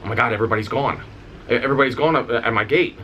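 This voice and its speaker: A male singer and dancer vlogging, telling a personal story in a candid, animated way with casual swearing. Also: mid-range voice, very fast, highs cut off, a little hiss or hum.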